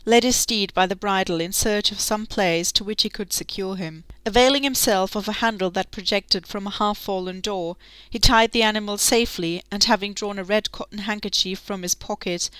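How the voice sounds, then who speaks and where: Bright, crisp woman narrating an audiobook. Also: mid-range voice, normal speed, dry recording.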